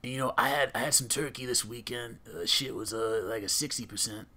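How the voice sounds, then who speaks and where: A man's voice: mid-range voice, fairly quick, pushed and bright, pitched above the performer's own voice. A man putting on a smug, hesitant voice as a personified review website.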